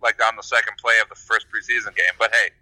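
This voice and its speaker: Very bright-voiced hesitant man. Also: lowish voice, fairly even intonation, quick pace, no room sound, rough recording. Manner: hesitant, many fillers and restarts. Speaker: podcast co-host. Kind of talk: casual chat.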